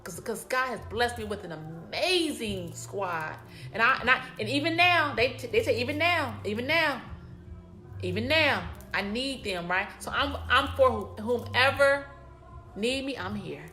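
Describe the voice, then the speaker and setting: A woman's voice: a little high, expressive, measured pace, faint music behind. A woman hosting her own live broadcast, speaking to viewers in a casual, repetitive, affectionate way. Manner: warm, repetitive and affectionate toward viewers, lots of "y'all".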